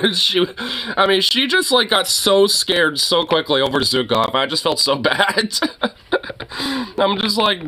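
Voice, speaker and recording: A man's voice: high-pitched, lively intonation, a little fast, pushed and bright, low-quality recording. A young man chatting casually with his viewers, rambling with lots of fillers and swearing. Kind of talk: casual chat.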